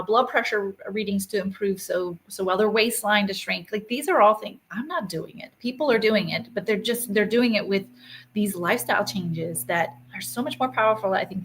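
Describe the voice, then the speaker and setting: Middle-aged woman doctor guest, video call, mid pitch, eager and emphatic, faint noise. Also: fairly bright tone. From Arizona. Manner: enthusiastic, emphatic. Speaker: guest physician. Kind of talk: livestream interview.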